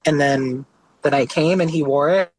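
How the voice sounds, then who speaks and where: A man being interviewed as a guest artist, telling his story in a relaxed, casual way, often saying "like" and "you know". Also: a little high, normal speed, a little hiss or hum, low-quality recording.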